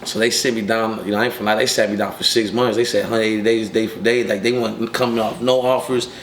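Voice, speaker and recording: A man's voice: fairly low pitch, level tone. A young man in his early twenties, an interview guest who tells his story in casual street slang, cursing often and filling it with "you know what I'm saying.". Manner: streetwise, profane, rapid storytelling with many fillers. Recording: echoey room with faint ambient noise.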